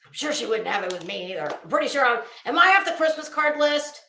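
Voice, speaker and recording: A woman's voice: a little high, sing-song, quick pace, vocal fry, bright, forceful tone, roomy sound, slight background noise. A woman hosting a casual live commentary stream, chatting with viewers in a gossipy, sarcastic way and laughing often. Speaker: YouTube commentary host.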